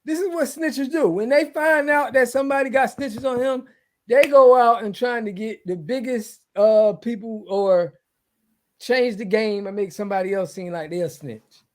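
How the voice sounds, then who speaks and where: High-voiced, blunt co-host man. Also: moderate pace. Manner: blunt, skeptical, emphatic. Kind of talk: casual hip-hop news chat.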